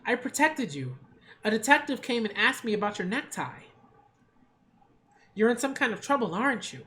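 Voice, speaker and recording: A woman's voice: a little high, big pitch swings, moderate pace, bright, forceful tone. An actress voicing a desperate, manipulative woman in an anime dub, pleading and then threatening. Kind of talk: English anime dub acting.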